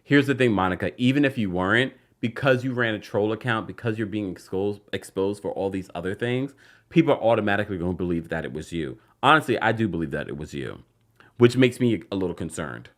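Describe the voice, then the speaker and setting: A man hosting a casual reality TV recap show, chatting and reading a sponsor spot. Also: fast talker. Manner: animated, chatty, jumps up in pitch for emphasis.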